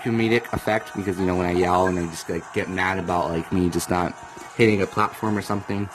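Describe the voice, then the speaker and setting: A young man rambling through casual gameplay commentary, now and then bursting into comic yells. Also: low-pitched, steady tone, fast, poor audio. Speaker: let's play gamer. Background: video game music.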